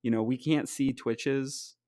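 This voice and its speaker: An enthusiastic man co-hosting a podcast, talking about comics in a rambling way full of fillers. His voice sits at a middle pitch. The sound is dry, with no room echo. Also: fairly even intonation, slow, dark tone. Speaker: podcast co-host.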